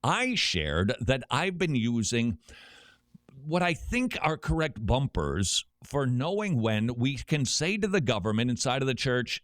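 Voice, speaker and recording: A middle-aged man hosting a talk radio show, telling stories with quick joking asides. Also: medium pitch, huge pitch swings, dry recording, clean studio sound.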